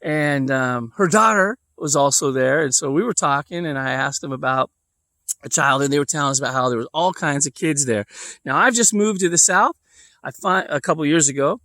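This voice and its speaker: A man's voice: fairly high pitch, normal speed, bright, forceful tone, no echo, clean studio sound. A man telling a personal story in a casual, rambling way, with lots of fillers and restarts. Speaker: vlogger.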